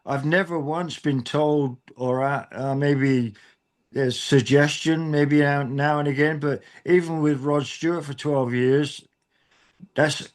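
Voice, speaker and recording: A man's voice: fairly high pitch, steady tone, slow. Joking, rambling male drummer. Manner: rambling, joking, many fillers and restarts. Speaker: drummer, band member. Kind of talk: casual interview chat.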